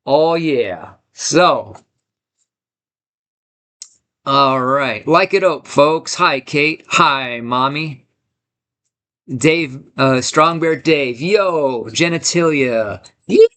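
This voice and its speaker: A man's voice: fairly high pitch, lively intonation, extremely slow, a bit bright. A man hosting a live stream from his home studio, hyped and greeting chat viewers one by one. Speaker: livestream host.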